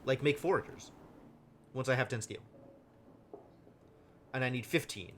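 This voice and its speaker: A man streaming a strategy game live, thinking aloud with wry deadpan asides. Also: mid-range voice, unhurried, slight background noise. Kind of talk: live gameplay commentary.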